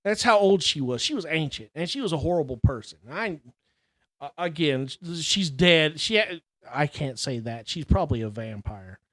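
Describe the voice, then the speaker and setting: A middle-aged man telling childhood stories in casual chat, animated, exaggerating for laughs and swearing freely. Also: on the high side, moderate pace, dry recording. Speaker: podcast co-host.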